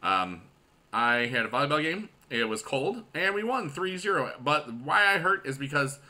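A man in his forties, a mobile game YouTuber, chatting casually and excitably while he plays, with goofy loud shout-outs to viewers. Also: a little high, moderate pace. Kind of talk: casual gaming commentary.

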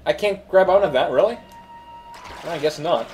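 A man's voice: on the high side, lively intonation, normal speed, a little mellow, soft background music. A man hosting a let's play, chatting and thinking aloud as he plays. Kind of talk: gameplay commentary.

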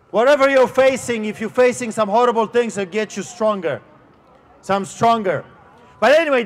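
A middle-aged man with a non-native English accent, preaching an outdoor street sermon as a pastor, slow and emphatic, stretching out his words. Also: high voice, a bit bright.

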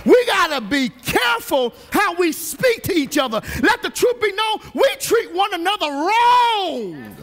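High, bright-voiced preacher man. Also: sing-song, unhurried, hardly any pauses. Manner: preaching with shouted rises and playful teasing of the congregation. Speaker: pastor. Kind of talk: sermon. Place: church sanctuary.

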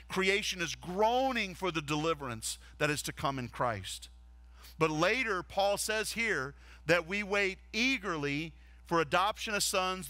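A man's voice: high voice, sharp tone, no echo. A man, a lead pastor, preaching a sermon earnestly and asking the congregation rhetorical questions. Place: church stage.

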